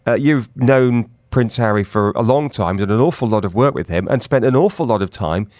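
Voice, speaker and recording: A man's voice: mid-range voice, expressive, brisk, darkish tone, dry recording, studio quality. A man hosting a breakfast radio show, chatting casually and laughing easily. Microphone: studio mic.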